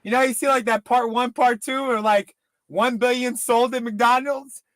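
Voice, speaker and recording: A man in casual, profane podcast chat, rambling and slipping into quick impressions. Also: extremely high pitch, fairly even intonation, a bit bright, no room sound. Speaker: podcast co-host.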